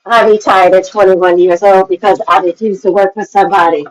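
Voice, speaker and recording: A woman's voice: mid-range voice, steady tone, brisk, hardly any pauses, rough recording. A woman in her seventies, a guest on a livestream panel, scolding and talking over another guest in a heated argument. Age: 70s. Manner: scolding, condescending, talks over others.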